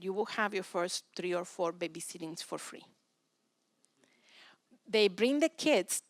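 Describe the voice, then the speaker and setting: A middle-aged woman whose first language is Russian gives a church teaching talk on parenting, acting out children's complaints in lively storytelling. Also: mid-range voice, no echo, studio quality.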